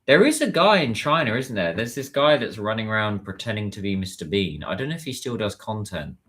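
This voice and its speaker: A British man hosts a relaxed livestream, reading messages from viewers and answering them as he goes. His voice sits low, but his pitch swings widely and sounds animated. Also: brisk. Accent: British English. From United Kingdom. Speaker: livestream host. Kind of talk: casual livestream chat.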